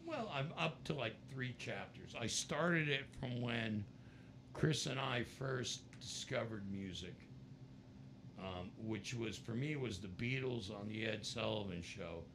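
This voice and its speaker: An American man, a rock musician, telling stories in a casual interview, animated and breaking into laughter and voices. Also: a little slow, gravelly, background noise. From United States. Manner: animated, jumps into high-pitched voices and laughs. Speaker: musician guest.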